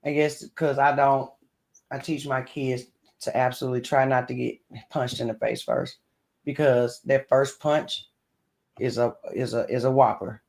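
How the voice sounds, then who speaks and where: Gravelly-voiced male co-host. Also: medium pitch, unhurried. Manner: relaxed, storytelling. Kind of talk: casual chat.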